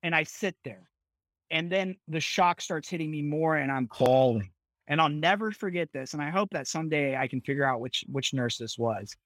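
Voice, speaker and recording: Young male guest, raised pitch, dry close mic, lively swearing storyteller. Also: normal speed, dry recording. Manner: vivid, swears freely, animated retelling. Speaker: podcast guest. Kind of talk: casual storytelling.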